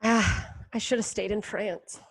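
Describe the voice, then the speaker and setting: A woman's voice: mid-range voice, steady tone, unhurried. A woman hosting a podcast, chatting casually, laughing often and swearing freely. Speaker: podcast host. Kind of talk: casual chat.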